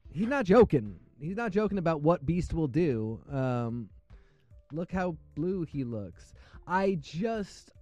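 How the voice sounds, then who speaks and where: A man hosting a casual comics discussion, giving thoughtful, measured opinions. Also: fairly high pitch, expressive, darkish tone, dry recording, faint music behind. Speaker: host.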